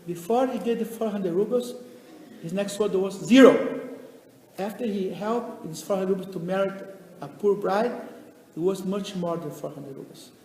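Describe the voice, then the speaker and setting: A wise rabbi giving calm counsel, as a lecturer puts him on with a high voice. He explains his point plainly, and a long hall reverb hangs on every word. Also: normal speed. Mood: explaining. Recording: echoey hall, faint noise.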